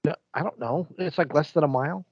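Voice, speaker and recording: A man, co-hosting a podcast and telling stories in casual, animated chat. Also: fairly high pitch, fast talker, no echo, dull audio. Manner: rambling, animated storyteller. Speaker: podcast co-host.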